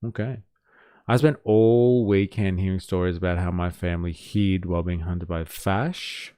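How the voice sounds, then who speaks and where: A man's voice: low voice, vocal fry, a little mellow, dry recording, studio quality. A man giving blunt, sarcastic livestream commentary on news and chat messages, swearing freely.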